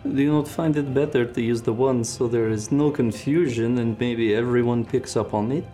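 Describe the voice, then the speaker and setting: A man voicing a calm, measured temple priest who speaks in slow, solemn pronouncements. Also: mid-range voice, soft background music, pitched above the performer's own voice, close to an everyday voice. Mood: serene.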